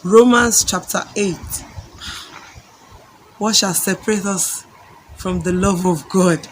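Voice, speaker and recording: A woman's voice: medium pitch, takes it slowly, pauses often. A middle-aged woman preacher sharing a testimony and praying, fervent and repeating her phrases. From Nigeria. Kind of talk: testimony and prayer. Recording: loud background noise with birdsong.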